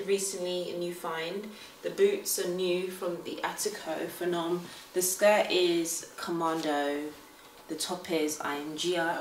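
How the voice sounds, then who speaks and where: A woman vlogging to her viewers, talking casually and chattily about her outfit. Her voice sits fairly low, and she takes her time. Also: a little hiss or hum, rough recording. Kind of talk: casual vlog talk to camera.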